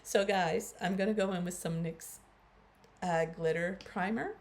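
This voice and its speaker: Chatting to viewers she calls "guys," a beauty vlogger in her fifties with a Canadian accent talks through her makeup tutorial with many fillers. She speaks a little slowly, in a voice on the low side with fairly even intonation.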